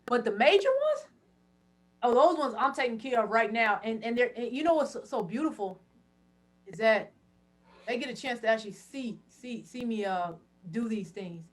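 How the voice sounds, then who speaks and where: High-voiced lively woman storyteller. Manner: loud, laughing, quick asides. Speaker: podcast guest. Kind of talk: animated storytelling.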